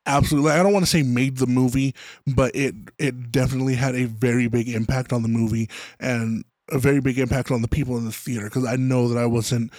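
A man's voice: mid-range voice, steady tone, fast talker, a little mellow, no echo. A man co-hosting a podcast, chatting casually about a movie into his own microphone, rambling and heavy on fillers. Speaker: podcast co-host. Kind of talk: casual movie recap chat. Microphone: own microphone close by.

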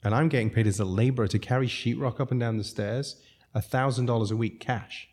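This South African man, a restaurateur guest, has a mid-range, husky, slightly mellow voice and a brisk pace. He rambles through casual stories, often chuckling and breaking off mid-thought.

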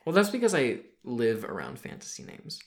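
Very low-voiced playful woman host. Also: wildly swooping pitch, normal speed, darkish tone. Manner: playful, teasing, laughs often. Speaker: podcast host. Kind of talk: casual chat.

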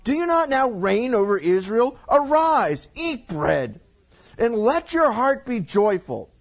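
A man putting on a shrill, scornful scheming queen. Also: big pitch swings, slow, full character voice. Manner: mocking, pushy, high-pitched.

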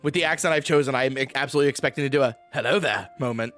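A man's voice: mid-range voice, rapid-fire, a bit bright, faint music behind. A man playing a tabletop game over voice chat, chatty and laughing as he talks about his character. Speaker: player.

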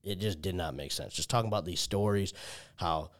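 His voice sits low and his pace is a little fast as the young man tells a long personal story in casual chat. Expect heavy use of "like," swearing, restarts, and acted-out quoted dialogue.

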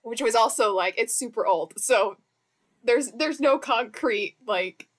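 Chatty higher-voiced woman co-host. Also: unhurried. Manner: chatty, many fillers like "like". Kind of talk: casual chat.

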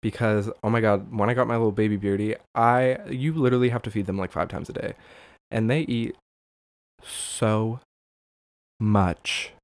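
A man chats through a casual solo podcast in a slightly low voice. He rambles, swears and laughs a lot. The recording is dry and close-miked. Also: normal speed, no room sound. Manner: rambling, profane, laughs often, many fillers. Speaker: podcast host.

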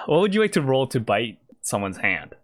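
A man narrating as game master of a tabletop game, in a relaxed and halting way. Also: medium pitch, no echo, studio quality.

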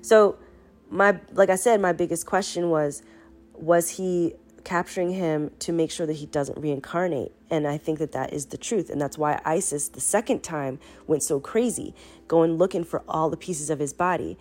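A woman's voice: low voice, fairly even intonation, normal speed, a little mellow. Sick woman rambling through a spiritual retelling. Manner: rambling, profane, addresses listeners as y'all. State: sick, foggy-headed. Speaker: spiritual storyteller. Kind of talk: casual spoken retelling.

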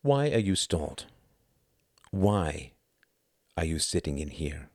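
A man voicing an earnest, intense German mentor who speaks in a measured, gentle way. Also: very deep voice, sing-song, no echo, clean studio sound, heavily acted.

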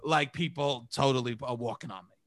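A man's voice: medium pitch, brisk, a bit bright, dry recording, clean studio sound. A man with a thick New York accent, hosting a playful, self-mocking casual chat. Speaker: host.

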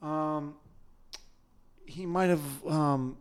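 A man co-hosting a sports podcast in casual chat, loose in manner, swearing now and then and dropping into quiet asides. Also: fairly high pitch, fairly even intonation, extremely slow, clean tone. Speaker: podcast co-host.

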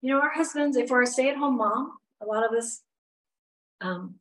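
A woman's voice: fairly high pitch, animated, normal speed, fairly bright tone. Middle-aged woman, leading a women's Bible lesson; candid and conversational, recorded from a little way off the mic. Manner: chatty, candid, lots of "you know" asides. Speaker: women's Bible study teacher. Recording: voice a bit far from the mic.

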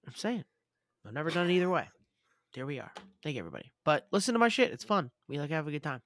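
A young man co-hosts a sports podcast, joking and swearing through casual banter. His voice is fairly high and swings widely in pitch. The sound is dry and close. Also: fast, no echo. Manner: animated, joking, swears often, laughs a lot. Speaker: podcast co-host.

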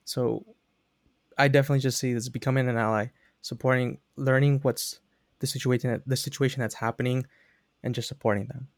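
A man's voice: medium pitch, steady tone, a little fast, dry recording, studio quality. A man speaking thoughtfully in a casual conversation.

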